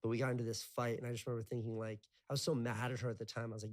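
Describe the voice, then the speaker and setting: A man's voice: medium pitch, little pitch movement, very fast. A man in his thirties telling his life story as an interview guest, rambling with lots of filler words and casual swearing. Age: 30s.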